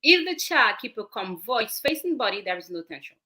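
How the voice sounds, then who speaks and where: A woman's voice: a little high, big pitch swings, brisk, crowd noise. A woman with a French accent, a parenting coach explaining her approach as a guest on a talk show, earnest and repeating words as she searches for them.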